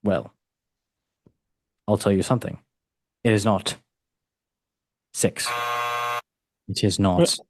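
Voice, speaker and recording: A man's voice: on the low side, slow pace, pauses often, dry recording. Playful man hosting a quiz show. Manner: playful, self-mocking, animated swings. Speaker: show host and quizmaster. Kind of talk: casual online show chat.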